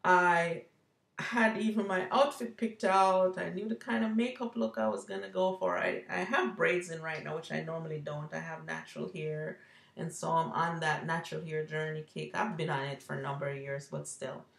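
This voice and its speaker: Low gravelly woman in her forties, Jamaican lilt. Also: fairly even intonation, moderate pace, a bit bright. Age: 40s. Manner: rambling, self-deprecating, open. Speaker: lifestyle vlogger. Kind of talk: candid personal vlog. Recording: echoey room.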